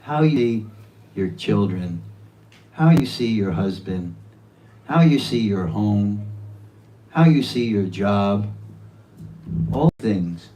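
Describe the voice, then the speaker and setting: A man's voice: on the low side, expressive, slow pace, pauses often, distant mic, rough recording. A man in his seventies giving an earnest devotional talk at a home gathering. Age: 70s. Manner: earnest, with warm laughter and quoted asides. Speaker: speaker at a devotional home program.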